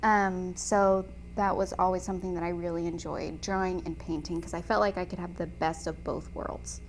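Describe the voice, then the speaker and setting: A woman teaching watercolor painting in a chatty, enthusiastic way, often pausing with "um" while she talks. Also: fairly low pitch, steady tone, a little hiss or hum. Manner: chatty and enthusiastic, frequent "um" fillers. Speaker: watercolor instructor. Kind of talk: casual tutorial chat while painting.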